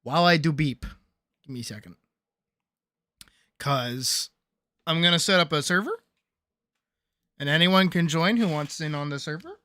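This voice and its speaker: A man chatting casually on a game stream, relaxed and talkative, answering chat and laughing often. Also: fairly high pitch, moderate pace, pauses often, dry recording, clean studio sound.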